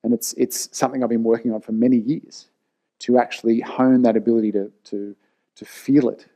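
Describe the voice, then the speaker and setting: Speaking to camera, a leadership speaker in his forties shares personal stories in a frank, casual, blunt way. His mid-range voice is warm in tone, with a flat delivery and a brisk pace.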